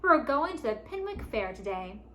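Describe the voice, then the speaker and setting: A bellowing peasant father from a storybook, played by a woman. He roars and blusters in a loud voice that runs high and bright. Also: sing-song, normal speed. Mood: blustering. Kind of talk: storybook read-aloud.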